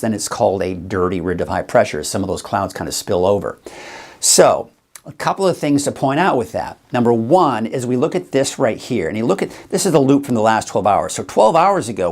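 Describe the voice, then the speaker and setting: Gravelly-voiced man giving a chatty forecast. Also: fairly low pitch. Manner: chatty, explains as he goes, addresses viewers directly. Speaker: TV weather forecaster and show host. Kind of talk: casual live weather forecast.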